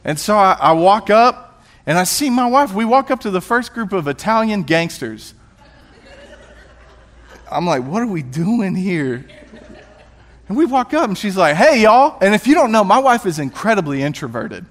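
A man in a pastoral role shares a testimony from the pulpit with an animated, self-deprecating storytelling manner. His voice sits a little higher than most men's, and he tumbles through quick restarts as the story builds. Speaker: youth pastor and worship leader.

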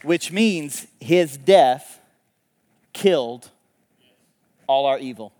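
A man preaching a sermon, retelling a story in a casual, animated way with laughs and quick asides. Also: a little high, in a large hall, a faint crowd. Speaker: pastor.

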